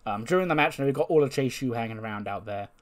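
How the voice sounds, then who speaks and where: A man's voice: medium pitch, animated, quick pace. A man casually narrating a wrestling management game, rambling with plenty of fillers. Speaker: game commentator.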